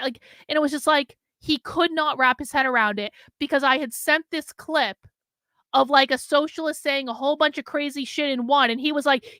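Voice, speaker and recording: A woman's voice: high-pitched, moderate pace, bright, forceful tone, dry recording. A woman ranting on her vlog, exasperated and swearing freely, repeating herself and cutting in with strings of refusals. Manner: exasperated, profane, repetitive venting. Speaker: vlogger.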